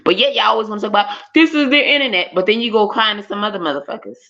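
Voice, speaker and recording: Racing along in a medium-pitched voice, a woman hosts a livestream with casual, animated chatter. Expect plenty of profanity, loud exclamations and laughs, all in dull lo-fi stream audio.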